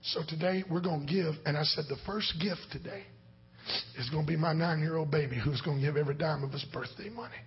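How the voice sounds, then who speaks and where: A man pastor preaching a sermon as a story, swinging between loud shouted lines and hushed whispers. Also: a little high, a little fast, slightly rough. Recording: dull lo-fi sound.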